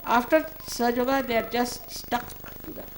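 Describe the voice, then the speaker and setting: A woman's voice: a little high, flat delivery, fairly quick, slight background noise, poor audio. An older woman, a spiritual teacher, giving a spoken talk to a gathering in a motherly, scolding way, often repeating short commands.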